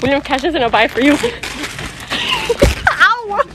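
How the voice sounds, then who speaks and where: Female skit partner, scolding, very high voice, slow delivery. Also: wildly swooping pitch, poor audio. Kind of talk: goofy comedy skits.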